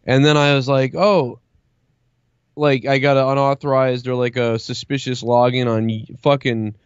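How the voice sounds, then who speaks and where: A man talking casually on a stream, telling a long story and swearing often as he quotes what people said to him. His voice sits at a middle pitch. It comes through a dry, dull, lo-fi mic. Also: level tone, normal speed, clean tone, no room sound. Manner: profane, rambling storytelling with lots of quoting. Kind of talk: casual chat.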